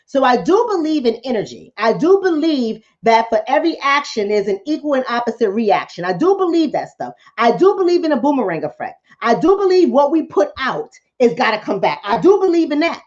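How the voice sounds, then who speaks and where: A woman's voice: sits high, very animated, brisk, hardly any pauses, a little mellow, dull audio. A woman vlogger and coach giving impassioned commentary to her viewers, preaching, repeating lines for emphasis and calling them family.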